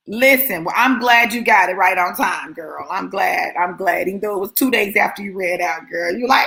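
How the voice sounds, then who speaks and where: A woman giving a casual, animated testimony to live viewers, repeating phrases for emphasis as she tells her story. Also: medium pitch, normal speed, vocal fry, hardly any pauses, rough recording. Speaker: motivational speaker addressing live viewers.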